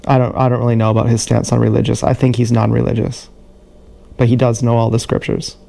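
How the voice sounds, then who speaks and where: A man talking in a casual rambling monologue on a livestream, halting with many restarts and repeated words, recorded on an action camera mic. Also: medium pitch, little pitch movement, vocal fry, mellow.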